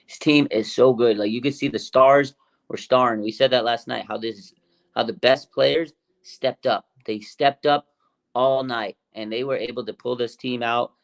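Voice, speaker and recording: A man in the middle of the pitch range with a gravelly edge to his voice, hosting a casual fan livestream. He rambles excitedly, repeats himself and trails off into fillers and restarts. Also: normal speed. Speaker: fan show host.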